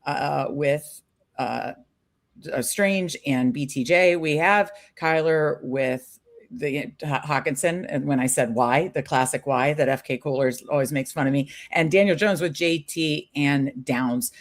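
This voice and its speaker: A woman's voice: low voice, a little slow. A woman co-hosting a live stream, chatting casually and upbeat with many fillers. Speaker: podcast co-host.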